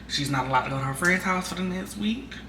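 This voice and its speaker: Young woman vlogger, casual and chatty; recorded from a distance in a roomy space with steady background noise. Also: lowish voice, fast. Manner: chatty, venting with frequent fillers. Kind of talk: casual chat.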